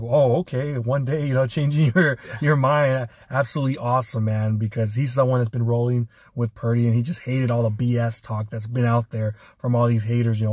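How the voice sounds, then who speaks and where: A man hosting a fan podcast, talking in a relaxed, conversational way and swearing casually. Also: mid-range voice, no echo. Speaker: podcast host. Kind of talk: casual chat.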